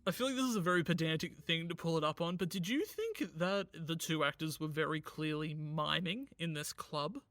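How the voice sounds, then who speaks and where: A man co-hosting a casual podcast, chatting in a quick, animated, riffing way. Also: fairly high pitch, dry recording, clean studio sound. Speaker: podcast co-host. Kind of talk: casual chat.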